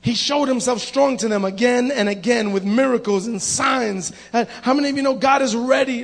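A man preaching a sermon, animated, acting out the voices in his story and calling out to the congregation. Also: very high voice, normal speed, creaky, hardly any pauses.

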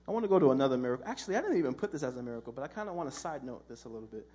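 A man's voice: medium pitch, lively intonation, very fast, a little mellow, husky. A man giving a casual, humorous sermon as a preacher, telling a story with slang and acted-out voices.

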